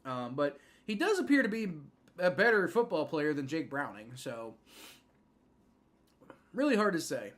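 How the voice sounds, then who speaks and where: A young man hosting a live fan stream, giving rambling play-by-play and reaction with many fillers and restarts, getting excited on big plays. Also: fairly high pitch, a little slow, long pauses. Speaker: livestream host.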